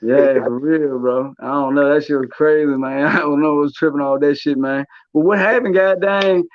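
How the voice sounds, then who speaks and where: High-voiced streetwise man, lo-fi. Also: fairly even intonation, normal speed, no echo. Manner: streetwise, repeats words, many fillers. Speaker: podcast host. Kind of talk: casual storytelling chat. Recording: dull lo-fi recording.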